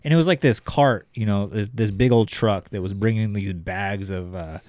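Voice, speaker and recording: A man's voice: fairly low pitch, normal speed, darkish tone, dry recording. A young man telling a story in casual chat, rambling with lots of fillers and swearing.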